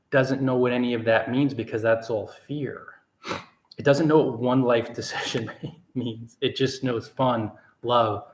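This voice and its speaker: A man in his forties, a blogger hosting his own vlog, talking casually from an apartment and often correcting himself as he goes. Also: mid-range voice. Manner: rambling, self-correcting, upbeat. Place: apartment overlooking a river. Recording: roomy echo.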